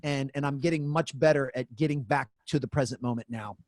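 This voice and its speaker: A man's voice: mid-range voice, brisk, dry recording, clean studio sound. A man speaking as an interview guest, explaining his ideas earnestly with frequent fillers. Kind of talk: conversational interview.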